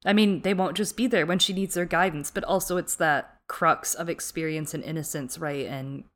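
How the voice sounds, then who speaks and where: Woman podcast co-host, low voice, emphatic casual recap chat. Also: normal speed. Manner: emphatic, animated storytelling.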